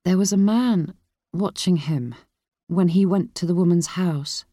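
A reader voicing a woman investigator, quiet and strained, in a storybook narration. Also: mid-range voice, unhurried, no room sound, clean studio sound, lightly acted. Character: woman investigator, shaken and weary.

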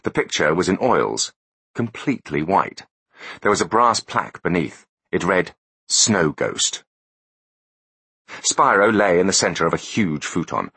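A man narrating an audiobook with expressive storytelling delivery. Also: low-pitched, breathy edge, dry recording. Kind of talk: scripted narration.

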